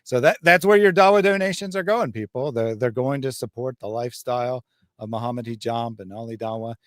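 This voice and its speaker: A man's voice: mid-range voice, fairly quick, no echo. Dry-voiced male livestream host. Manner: wry, sardonic asides. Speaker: livestream host reading super chats. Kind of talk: casual live chat.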